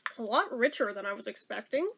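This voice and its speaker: A woman's voice: on the high side, expressive, fast, gravelly, fairly bright tone. Chatty woman reviewing snacks. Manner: chatty, talks while chewing. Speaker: food review vlogger. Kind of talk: casual taste-test review.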